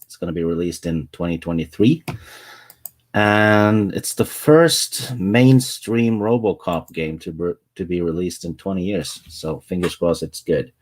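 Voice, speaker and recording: A man's voice: low-pitched, lively intonation, unhurried. A man co-hosting a live stream, reading a game announcement and chatting with viewers in a laid-back, dry way. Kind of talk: casual live-stream chat.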